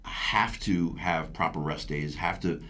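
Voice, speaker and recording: This is a man in his fifties with a notably deep voice, a veteran athlete being interviewed. He speaks candidly and with feeling, often stumbling and restarting, and reenacts his own past words as he recounts them. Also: measured pace, a bit bright. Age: 50s. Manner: earnest, emotional, with frequent restarts and stammers. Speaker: guest, veteran bodybuilder.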